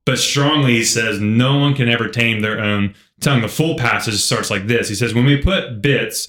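A man co-hosting a podcast, telling a story in an animated, casual way full of filler words. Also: medium pitch, normal speed. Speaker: podcast co-host. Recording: roomy echo.

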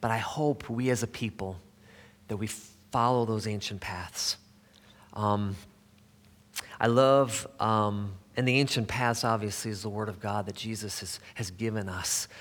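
A man preaching a sermon in a conversational, halting way, with many fillers and restarts, sometimes dropping to a soft near-whisper for emphasis. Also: lowish voice, steady tone, in a large hall.

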